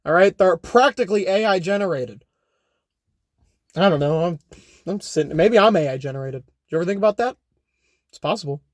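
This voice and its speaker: A young man with a high, springy voice rants his way through a comedic home vlog. He rambles, cracks jokes at himself and keeps checking in with the viewer, all close and dry with no room sound. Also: expressive, fairly quick, long pauses, no room sound. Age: young adult. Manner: rambling, jokey, self-correcting, repeats "all right?". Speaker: YouTuber. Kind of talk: unscripted comedic vlog rant.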